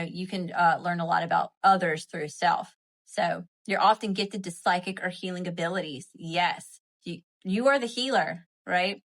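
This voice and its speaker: This spiritual host, a Southern-accented woman with a lowish, slightly bright voice, streams live from home using a phone or webcam mic. Casual and chatty, she repeats herself and keeps checking in with "right?" and "you know?".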